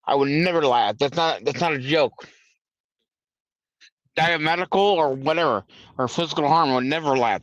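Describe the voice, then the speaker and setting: A man's voice: fairly high pitch, a bit bright, dry recording. A man hosting a live stream who rants angrily about the country and greets callers, repeating himself and swearing. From United States. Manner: irritated, repetitive, swearing. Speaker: livestream host. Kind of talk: angry political rant and call-in chat. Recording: dull lo-fi stream audio.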